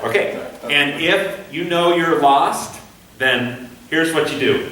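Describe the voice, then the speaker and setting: A man's voice: mid-range voice, steady tone, unhurried, pushed and bright. A man teaching a conducting class, coaching a student patiently and singing rhythm syllables to demonstrate. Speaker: conducting instructor. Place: rehearsal room. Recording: echoey room from far off, faint hiss.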